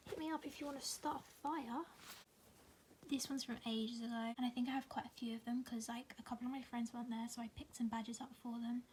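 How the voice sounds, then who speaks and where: A young woman vlogs from her bedroom on a handheld phone, her high, darkish voice moving a little fast with fairly even intonation. She rambles casually, leans on "like," and often lowers to a near whisper amid slight background noise.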